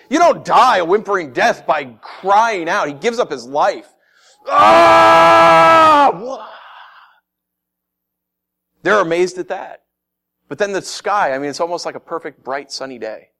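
A pastor with a voice that sits high preaches a sermon in an animated way. He likes acting out mocking voices and laughs often.

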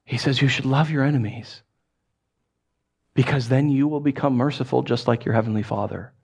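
A man preaching a sermon in an animated way, acting out the voices of animals and listeners as he tells stories. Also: medium pitch, moderate pace, creaky, slightly rough. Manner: animated, acts out voices of dogs, cats and listeners. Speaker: pastor.

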